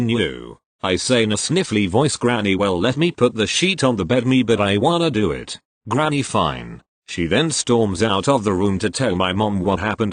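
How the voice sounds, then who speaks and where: This is a text-to-speech male voice narrating online posts in a steady, mechanical cadence. It sits a little low in pitch. It reads symbol and emoji names aloud without any change in tone. The sound is dry and close, with no room in it. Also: dry recording. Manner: even synthetic reading that speaks symbols and emoji names aloud. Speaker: story narrator.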